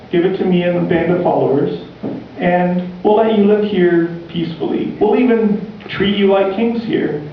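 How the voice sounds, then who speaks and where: A cold, calculating rebel chief who never raises his voice, heard from far off in a big echoing hall on a dull recording, as a man acts him out in a story. The voice sits a little high for a man. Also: slight background noise. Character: scheming male rebel leader, cold and calculating. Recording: distant, echoey, dull church recording.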